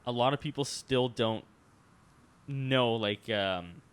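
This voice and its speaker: A man's voice: medium pitch, slow pace, clean tone. A young man in his twenties co-hosting a podcast, ranting in casual chat and swearing freely. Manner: profane, ranting, animated. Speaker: podcast co-host.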